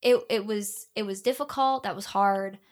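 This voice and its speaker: A woman's voice: medium pitch, normal speed. A young woman who narrates audiobooks, chatting casually with many filler words. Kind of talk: casual chat.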